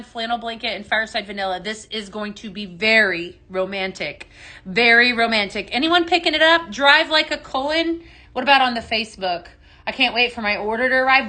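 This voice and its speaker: Streaming from her phone, this woman from Texas mixes fragrances and keeps things chatty and upbeat, welcoming viewers by name and laughing often. She has a Texan accent and a slightly high, sharp-toned voice.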